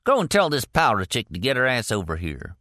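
A man voicing a coarse, ranting bigot who talks in a raised, high-pitched voice. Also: huge pitch swings, fairly quick, bright, forceful tone, dry recording, clean studio sound. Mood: pushy. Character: loud ranting bigoted Southern middle-aged man.

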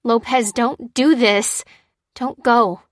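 A woman's voice: on the high side, steady tone, slow pace, no echo, clean studio sound, voice pushed up. A woman voicing pleading young agent Lucy. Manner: pleading, insistent.

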